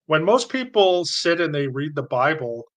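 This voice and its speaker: A man's voice: fairly high pitch, very animated, moderate pace. A man with a Canadian accent, hosting a live stream and explaining a topic in a rambling, unscripted way with many fillers and restarts.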